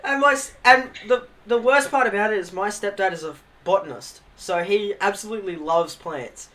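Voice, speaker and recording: A man's voice: high voice, normal speed, fairly bright tone. A young man chatting on a live stream, telling funny family stories with lots of laughing and swearing. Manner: laughing storyteller, swears, acts out family quotes. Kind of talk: casual chat on a live stream.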